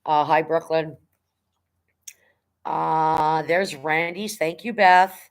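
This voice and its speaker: Slow and steady, a low-pitched middle-aged woman hosts a casual livestream where she rambles about her previous jobs. She greets viewers by name, speaks bluntly and swears from time to time.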